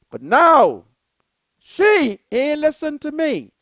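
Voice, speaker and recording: A Bahamian woman hosting a political talk show, giving an impassioned monologue in a preacherly way that rises to shouted appeals. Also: sits high, very animated, takes it slowly, dry recording. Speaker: political commentator, show host.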